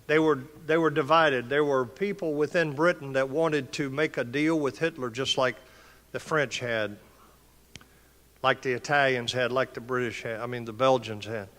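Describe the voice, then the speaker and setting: An older man delivers an impassioned, preacher-like talk in a forceful, mid-pitched voice. His words echo around a large conference hall. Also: steady tone, moderate pace. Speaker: conference speaker. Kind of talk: motivational speech.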